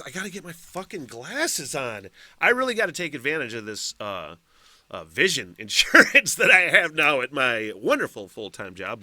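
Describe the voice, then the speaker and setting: Solo podcast host, man, crisp bright voice, dry booth sound, profane off-the-cuff commentary. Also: on the low side, no room sound. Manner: profane, animated, reacts with laughs and asides. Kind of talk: casual solo podcast commentary, reading a news story aloud.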